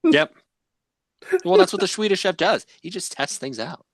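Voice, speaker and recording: Man, podcast host, casual chat, rambling with fillers, lively swooping pitch, dry close sound. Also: moderate pace, vocal fry, no echo. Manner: rambling, many "you know" fillers.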